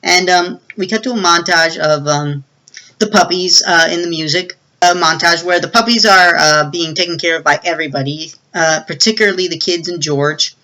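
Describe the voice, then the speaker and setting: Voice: mid-range voice, moderate pace, bright, forceful tone, rough recording. A movie reviewer giving a casual, rambling plot recap with many fillers and restarts.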